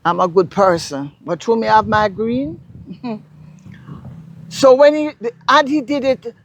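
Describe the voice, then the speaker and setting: A woman from Jamaica with a Jamaican accent, a guest explaining local words in a casual interview, telling stories in an animated, emphatic way. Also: fairly high pitch, measured pace, dull audio, slight background noise. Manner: animated storyteller, lively and emphatic.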